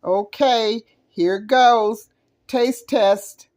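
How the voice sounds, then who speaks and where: A woman's voice: a little high, drawn-out words, darkish tone. A woman with a Southern US accent, hosting a casual cooking vlog, gushing and exclamatory as she tastes food on a phone camera and chats with viewers. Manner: talks while eating. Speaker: home cook, channel host.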